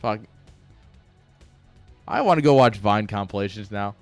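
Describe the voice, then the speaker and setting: A man's voice: fairly low pitch, measured pace, dry recording, soft background music. A man casting a strategy game on a live stream, rambling off-topic and joking at his own expense. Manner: rambling, joking asides, chuckles at himself. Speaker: esports caster.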